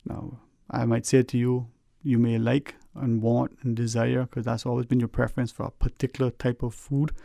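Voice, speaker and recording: A man's voice: medium pitch, flat delivery, normal speed, creaky, hardly any pauses, warm tone, no echo. A man hosting a radio talk show, rambling and folksy with lots of "you know", earnestly advising listeners from a studio microphone.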